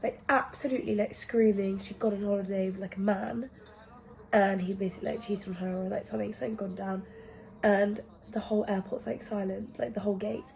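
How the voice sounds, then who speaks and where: A young woman vlogging casually, telling travel stories in an animated, giggly way with hushed asides. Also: mid-range voice, a little fast, vocal fry. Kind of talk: casual storytelling vlog.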